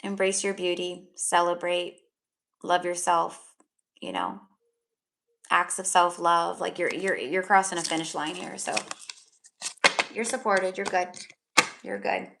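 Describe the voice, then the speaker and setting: A woman's voice: fairly low pitch, unhurried, gravelly, long pauses, a bit bright, a little hiss or hum. A woman giving live psychic tarot readings, talking in a soothing, affectionate way with lots of fillers. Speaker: tarot reader.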